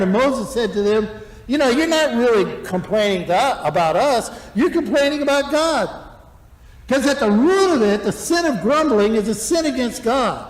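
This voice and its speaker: A man preaching a sermon with lively energy, acting out complaining voices in the middle of his points. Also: extremely high pitch, echoey room, long reverb tail, poor audio. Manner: animated, acts out grumbling voices. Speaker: pastor.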